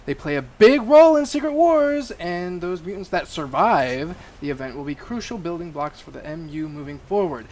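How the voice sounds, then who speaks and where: A man's voice: fairly high pitch, big pitch swings, normal speed, few pauses, darkish tone, a little hiss or hum. A man co-hosting a comic book podcast, reading news and making dry jokes. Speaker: co-host.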